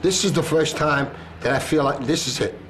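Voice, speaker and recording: A man's voice: a little high, moderate pace, fairly bright tone, slight background noise. A man who is a firefighter recounting events in an interview, telling the story vividly and acting out the voices he heard. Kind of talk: interview testimony. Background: music.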